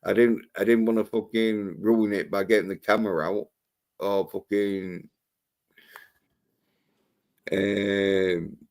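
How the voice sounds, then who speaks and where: A man's voice: fairly low pitch, fairly even intonation, takes it slowly, pauses often, a little mellow. A man hosting a casual livestream panel chat, talking bluntly and mockingly and swearing constantly. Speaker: livestream host.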